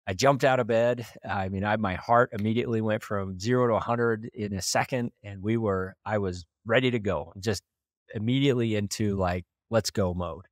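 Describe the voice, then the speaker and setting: A man's voice: lowish voice, moderate pace, no room sound, studio quality. A man from small-town Idaho, hosting a podcast and earnestly retelling a personal story with occasional chuckles. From small-town Idaho, USA. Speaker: podcast host.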